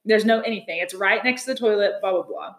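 A chatty woman recaps reality TV in a loose, casual way, slipping into quick put-on voices for the people she talks about. Her voice sits at an ordinary middle pitch. The room around her sounds echoey. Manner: chatty, laughs often, quotes people in lively put-on voices. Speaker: podcast co-host.

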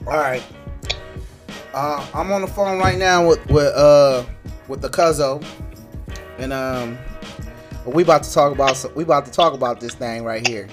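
A man's voice: medium pitch, steady tone, normal speed, long pauses, music in the background. Playful laughing man hosting a chat. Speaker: host. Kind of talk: casual phone chat.

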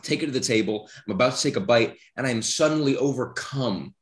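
A man's voice: medium pitch, lively intonation, quick pace. Heated, foul-mouthed man in a mock debate. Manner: heated, profane, mocking nicknames. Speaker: podcast co-host, debater.

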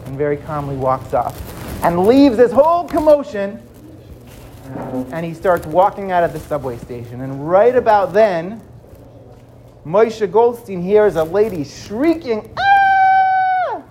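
A man telling a dramatic story to children, swinging between loud and hushed. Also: high-pitched, animated, measured pace, slight background noise.

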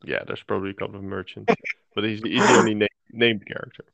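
A man co-hosting a casual tabletop game chat, relaxed and easygoing, with fillers. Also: lowish voice, quick pace, gravelly, no echo, dull audio. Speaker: podcast co-host.

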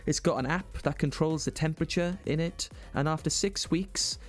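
A man's voice: on the high side, normal speed, soft background music. A man in his forties co-hosting a podcast, telling stories in casual chat and acting out voices in his anecdotes. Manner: chatty storyteller, acts out voices in anecdotes. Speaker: podcast co-host.

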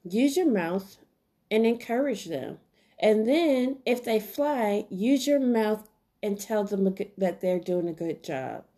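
A woman's voice: medium pitch, animated, slow, dark tone. A woman hosting a solo podcast, giving an earnest, encouraging self-help talk with lots of repetition. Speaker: podcast host.

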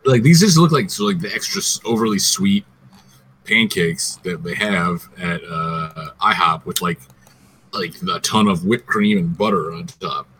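A man's voice: low-pitched, steady tone, unhurried, bright, forceful tone, husky. A man co-hosting a podcast, talking in rambling, self-interrupting casual chat and swearing freely. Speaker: podcast co-host.

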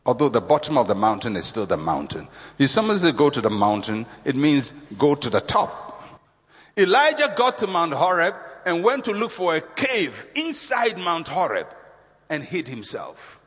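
A man preaching a sermon, emphatic and animated, acting out voices as he speaks. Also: moderate pace. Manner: animated, emphatic, acts out voices with big pitch swings. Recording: long reverb of a large hall.

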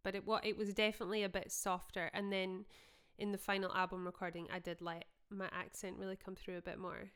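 A woman's voice: mid-range voice, flat delivery, brisk, a bit bright, clear, resonant tone. A young Scottish woman hosting a podcast, chatting and telling stories casually with a Scottish accent. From Scotland. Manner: chatty, storytelling, frequent fillers. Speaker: podcast host and singer-songwriter. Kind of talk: casual reminiscing chat.

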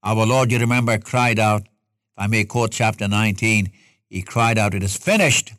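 An older man preaching an expository sermon, reading scripture aloud and rising in pitch to stress his points. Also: level tone, moderate pace, fairly bright tone, dry recording, studio quality.

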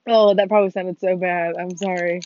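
A woman's voice: lowish voice, level tone, brisk, darkish tone. A woman co-hosting a casual podcast while playing a video game, swearing freely and apologizing often. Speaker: podcast co-host. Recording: dull, lo-fi and dry.

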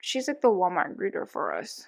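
A woman's voice: on the low side, huge pitch swings, normal speed, creaky, a little mellow. A young woman co-hosting a podcast, venting bluntly in casual chat and swearing freely. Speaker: podcast co-host.

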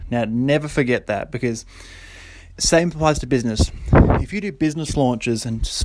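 A young man hosting a solo podcast, talking casually and then getting preachy and animated, with lots of fillers and quick laughs. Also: medium pitch, no echo. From Australia. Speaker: podcast host.

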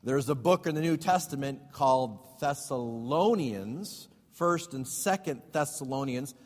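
A man's voice: medium pitch, animated, a little slow. A male pastor teaching a Bible study sermon. He reads scripture aloud and then explains it in casual asides with questions to the congregation. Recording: long hall reverb.

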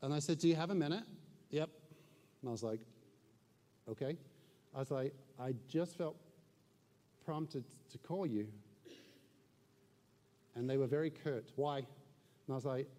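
A man preaching a sermon as pastor, telling stories and dropping to a hushed voice at tense points. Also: a little high, a little slow, pauses often. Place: large church hall with a live congregation. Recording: long hall reverb.

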